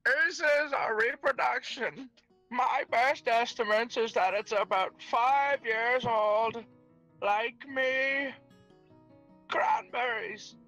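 A man's voice: extremely high pitch, slow, sharp tone, soft background music, pitched above the performer's own voice, exaggerated voice, poor audio. A man voicing an elderly antique shopkeeper with a hammy fake Italian-New York accent, in comic let's-play voice acting. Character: elderly male antique shopkeeper, shifty salesman.

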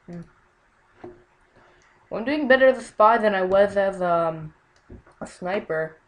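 A woman's voice: mid-range voice, expressive, a little slow, rough recording. A young woman casually commenting on her own gameplay, exclaiming often and muttering under her breath.

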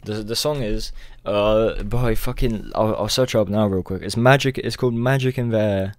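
A man's voice: fairly low pitch, fairly even intonation, moderate pace. A young man telling a rambling, profane storytime as a vlogger, peppering his talk with "bro". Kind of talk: casual storytime.

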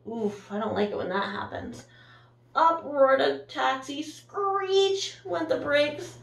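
A woman's voice: sits high, slow pace, gravelly, echoey room, distant mic. A woman teacher reading a picture book aloud to her class in a storytime voice, gasping and asking the children questions. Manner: warm, sing-song, gasps and asks the listeners questions.

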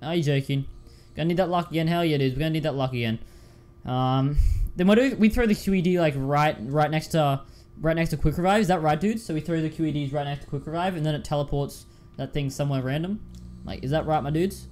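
A man's voice: a little high, fast talker, a little mellow. A man giving casual commentary while playing a video game, repeating himself and calling listeners dude and man. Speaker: gaming YouTuber.

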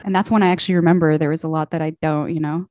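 A young woman recounts a personal experience in relaxed conversation, her voice sitting a little low. She is animated and slips into quoted voices as she tells it. The recording is dry and close, with no room sound. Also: rapid-fire, dry recording. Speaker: podcast guest. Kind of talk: casual storytelling chat.

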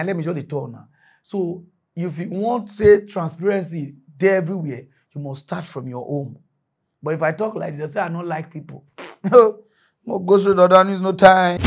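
A Nigerian man hosts a satirical mock news rant in a high, bright-sitting voice. He talks animatedly, jumping from loud bursts down to low muttered asides. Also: slightly rough.

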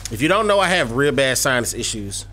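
Soft background music accompanies this gaming YouTuber, whose mid-range voice is pushed and bright, brisk, and full of big pitch swings. He commentates his gameplay casually, rambling with many fillers and restarts while addressing viewers directly.

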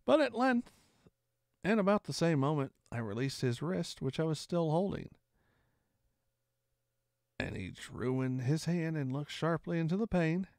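Male storyteller, gravelly voice, lively swooping delivery, dry close sound, novel read aloud. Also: a little high, a little slow, pauses often, no echo. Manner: expressive first-person narration. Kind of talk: reading a classic novel aloud.

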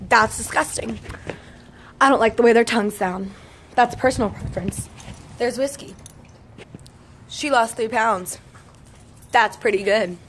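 A woman's voice: a little high, a little slow, long pauses, a bit bright, a little hiss or hum, poor audio. A young woman vlogger telling a story to camera in a chatty, exasperated way, filling her talk with "like". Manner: chatty and exasperated, heavy use of "like".

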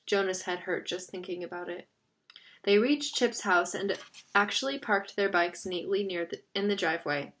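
A woman reading a novel aloud as narrator. Her tone is bright and crisp. The delivery is steady and expressive. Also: mid-range voice, moderate pace. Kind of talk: audiobook reading.

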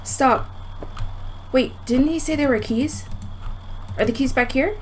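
A woman's voice: high voice, measured pace, slight background noise. A young woman playing a horror game on her channel, jumpy, exclaiming and swearing a lot, with nervous giggles. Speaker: gaming video host. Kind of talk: horror game let's play commentary.

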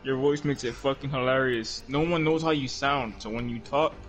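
A man's voice: medium pitch, moderate pace, a bit bright, soft background music. A man in casual gaming chat with friends, joking and bantering with plenty of swearing. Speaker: player.

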